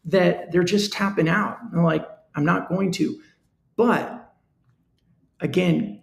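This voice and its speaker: A man's voice: fairly high pitch, gravelly, a little mellow, echoey room. A man hosting a live-stream business talk, speaking earnestly and conversationally in a coaching tone. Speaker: show host.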